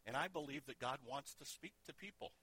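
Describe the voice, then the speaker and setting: A man's voice: mid-range voice, a little fast, bright, forceful tone, husky. A middle-aged man preaching a sermon as pastor, in a conversational way that often asks the congregation questions.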